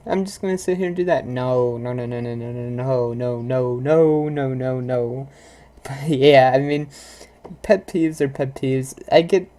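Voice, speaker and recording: A woman's voice: a bass voice, warm tone. A young woman vlogger ranting live about pet peeves, exasperated and rambling, full of "like" and "if you know what I'm saying". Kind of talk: live casual rant to viewers.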